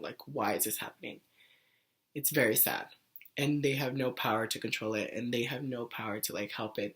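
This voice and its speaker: A young woman talking earnestly to camera in a casual vlog, rambling with lots of "like" fillers. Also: very deep voice. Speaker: vlogger sharing her own illness story. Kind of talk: casual heartfelt vlog talk.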